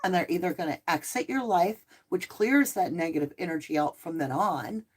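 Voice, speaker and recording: A woman's voice: fairly low pitch, moderate pace, slightly rough. A middle-aged woman with a mixed Southern and Northern American accent, hosting a casual live chat and answering viewer comments. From Southern United States. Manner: chatty and animated, laughing easily. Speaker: live stream host.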